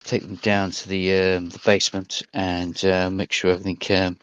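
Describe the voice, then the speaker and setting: A man's voice: low voice, monotone, smooth, dry recording, highs cut off, voice pushed down, close to an everyday voice. A man doing a fussy older bank supervisor. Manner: halting, fumbling.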